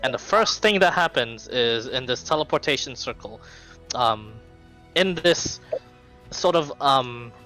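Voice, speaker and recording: Brief: male game master, bright tone, rambling streamed tabletop narration, soft background music. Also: mid-range voice, lively intonation, a little slow, poor audio. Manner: rambling narration full of ums and restarts.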